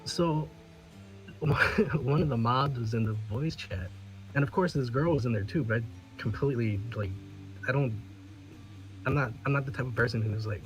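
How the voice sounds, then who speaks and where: A man's voice: mid-range voice, moderate pace, pauses often, faint music behind. Man, casual podcast chat, laughs through his story, swears a lot, rambly. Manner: rambling, restarts often. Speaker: podcast regular.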